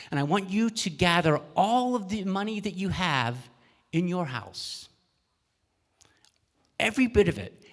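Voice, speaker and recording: A man's voice: sits high, pitched above the performer's own voice, full character voice. A man playing a stern male judge who lays down the law in a children's story. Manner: stern, commanding. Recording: echoey church hall.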